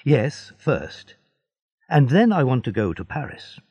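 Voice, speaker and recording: A man voicing a polite, eager young seaman in a slow storybook reading. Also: medium pitch, very animated, a little mellow, slightly rough, dry recording, dull audio, exaggerated voice. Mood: earnest.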